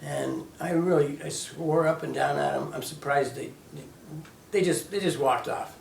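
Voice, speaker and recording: A man in his fifties telling his own story as personal testimony, halting and sporadic, with many restarts. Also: a little high, creaky, a little hiss or hum. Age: 50s. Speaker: storyteller recounting his own near-death experience. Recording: echoey room, voice heard from a distance.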